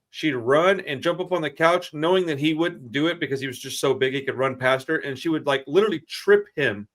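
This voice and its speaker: A man's voice: medium pitch, a bit bright. Laid-back man hosting a chat. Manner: laid-back, says dude a lot. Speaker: interview host. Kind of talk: casual interview chat.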